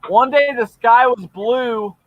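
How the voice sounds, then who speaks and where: A man's voice: very high voice, takes it slowly, dry recording, rough recording. A man chatting casually on a livestream, telling stories in a laid-back way. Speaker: livestream guest. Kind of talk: casual chat.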